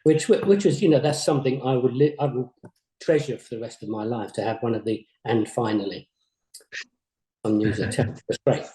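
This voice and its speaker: An older man, a former games company boss, recalling his career in a modest, halting way, often repeating words. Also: medium pitch, dark tone. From England. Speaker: former games company CEO, interview guest. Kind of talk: reflective interview chat. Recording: roomy echo.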